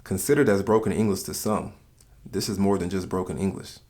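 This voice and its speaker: Calm deep-voiced man narrating. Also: a little fast. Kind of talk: scripted narration.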